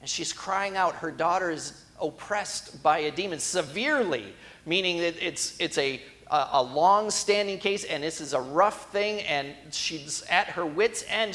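A man's voice: a little high, a little slow, few pauses, a bit bright. A man preaching a sermon in a conversational storytelling way that builds to emphatic moments.

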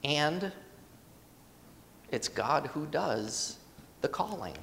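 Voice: medium pitch, animated, drawn-out words, gravelly, a bit bright, in a large hall. A pastor preaching a sermon in a conversational, emphatic way, asking the congregation rhetorical questions.

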